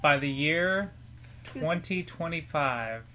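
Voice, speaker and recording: A man's voice: on the high side, lively intonation, slow, pushed and bright, a little hiss or hum. A man hosting a casual podcast chat, laughing often and leading the talk with questions. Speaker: podcast host.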